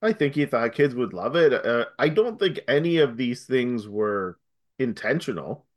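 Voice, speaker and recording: A man's voice: medium pitch, very animated, moderate pace. A man in casual podcast chat who speaks thoughtfully and restarts his sentences.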